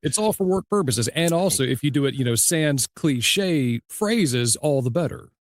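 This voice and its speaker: A man hosting a casual interview, himself an audiobook narrator, who mostly gives short, measured replies. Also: a little high, lively intonation, dry recording. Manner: brief agreeing replies, measured. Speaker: podcast host, audiobook narrator.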